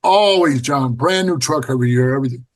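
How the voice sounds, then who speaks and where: A podcast guest, middle-aged and formerly in a biker club, speaks briskly at medium pitch. In this casual interview he tells profane, blunt stories and performs the quotes within them.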